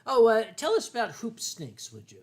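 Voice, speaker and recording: Older man, high-pitched host, rambling anecdotes, coughs, swears a lot. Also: wildly swooping pitch, normal speed. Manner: rambling storyteller, coughs and clears throat, swears freely. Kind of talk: boozy late-night chat show banter.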